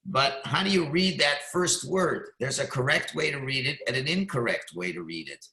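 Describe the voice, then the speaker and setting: A man teaching a Talmud class, explaining each phrase and pausing to read Hebrew words slowly and carefully. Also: medium pitch, lively intonation, bright, forceful tone. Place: synagogue class room. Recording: echoey room.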